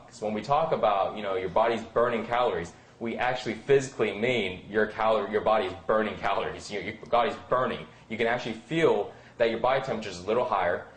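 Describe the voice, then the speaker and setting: A man talking as a fitness coach in a casual advice chat, rambling with many fillers and acting out what friends might say. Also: lowish voice. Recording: echoey room.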